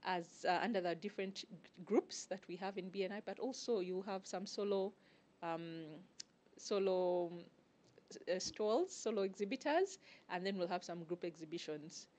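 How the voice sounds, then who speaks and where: A woman gives a guest interview at an even, mid-range pitch. She explains things step by step in a measured way and often pauses to find her words. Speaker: guest, networking group organizer. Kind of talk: interview answers.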